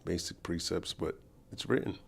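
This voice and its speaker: A man with a fairly low voice preaches over a livestream, quoting scripture and picking apart news clips. He circles back on his words, stumbles through restarts, and his tone turns loud and indignant when he pushes back on what he sees. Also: fairly even intonation, normal speed, gravelly, slight background noise. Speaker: livestream host. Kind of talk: scripture teaching mixed with news reaction.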